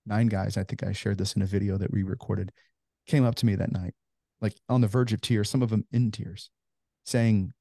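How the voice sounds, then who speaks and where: Gravelly low-voiced man telling stories. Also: fairly even intonation, normal speed, mellow, no room sound, studio quality. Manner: earnest storyteller, heavy on "you know" fillers. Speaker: ministry founder, guest. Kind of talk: conversational storytelling interview.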